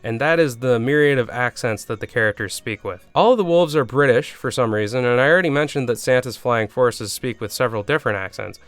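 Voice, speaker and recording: A Canadian man with a Canadian accent narrating a comedic movie review, with sarcastic deadpan asides. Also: medium pitch, fairly quick, hardly any pauses, dry recording, soft background music. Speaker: video reviewer host.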